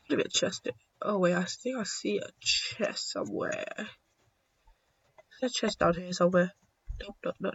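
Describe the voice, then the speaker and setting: A young man giving excitable, joking commentary while playing a video game, swearing now and then. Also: high voice, vocal fry, husky, dry recording. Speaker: gaming YouTuber. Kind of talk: casual gameplay commentary. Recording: dull lo-fi dry sound.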